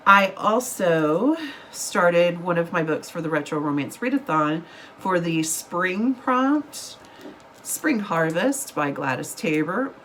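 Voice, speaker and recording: A woman's voice: lowish voice, expressive, slow pace, a bit bright, a little hiss or hum, poor audio. A woman, a book vlogger chatting casually to camera over coffee, rambling and giggling, still getting over an illness. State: recovering from illness.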